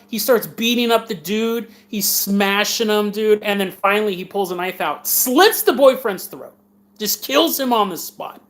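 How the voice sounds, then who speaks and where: A man's voice: high voice, a little slow, fairly bright tone. A man hosting a film podcast, recapping a movie in a rambling, joking way and acting out the characters' lines. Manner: rambling, jokey, acts out quotes in funny voices. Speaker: podcast host reviewing films. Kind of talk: casual movie recap for a live stream audience.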